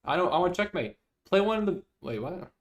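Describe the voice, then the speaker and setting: A man's voice: sits high, very animated, brisk. A young man streaming live, chatting casually with viewers, reading their messages aloud and laughing often.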